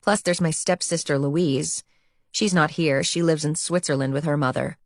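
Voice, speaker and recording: A woman's voice: low voice, steady tone, moderate pace, no echo, clean studio sound. A woman reading an audiobook voices a wealthy, dismissive young college woman with a breezy, sardonic manner. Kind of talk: audiobook character voice.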